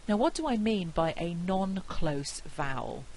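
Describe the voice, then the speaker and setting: A British woman with a non-rhotic accent giving a university phonetics lecture, saying example phrases slowly and clearly. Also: lowish voice, sing-song, a little mellow, low-quality recording. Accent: non-rhotic British English. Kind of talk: academic lecture. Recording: faint hiss.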